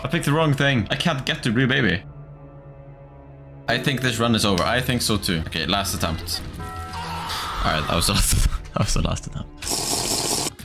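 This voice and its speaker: A man streaming a game in casual commentary, excitable, swearing often and laughing a lot. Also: medium pitch, normal speed, pauses often. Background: game music.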